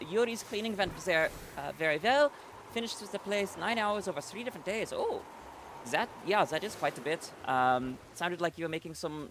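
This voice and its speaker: A man's voice: high voice, a bit bright, slight background noise. A man streaming a video game live, chatting casually and reading viewers' messages aloud with many fillers and restarts. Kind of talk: casual live-stream chat while playing.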